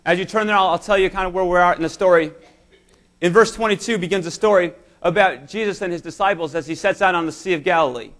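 A man with a notably high voice delivers a church sermon. He preaches emphatically and illustrates his points with stories told straight to the congregation. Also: quick pace, a bit bright. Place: church service.

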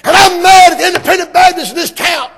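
A man mimicking a fiery male preacher who shouts his anger from the pulpit in chanted repetition. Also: extremely high pitch, fast, pitched above the performer's own voice. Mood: furious.

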